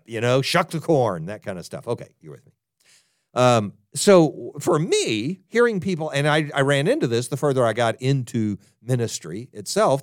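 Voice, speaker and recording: Animated male pastor, lively pitch. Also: no echo, clean studio sound. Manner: animated, talks directly to listeners with asides. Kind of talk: conversational sermon.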